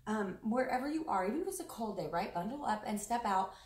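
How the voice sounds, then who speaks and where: Speaking quickly with lively intonation in a mid-range voice, a tarot reader gives a casual, chatty reading to camera, effusive and rambling with many fillers and the odd swear word. The recording sounds roomy and a bit distant from the mic.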